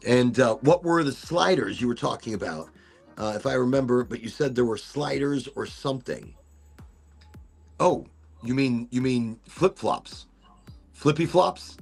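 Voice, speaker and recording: A man hosts a loose, casual chat in a husky, breathy voice, wandering from thought to thought and cutting himself off. His voice has a gravelly edge, with faint music playing behind him. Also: medium pitch. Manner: rambling, laughing, self-interrupting. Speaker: podcast host.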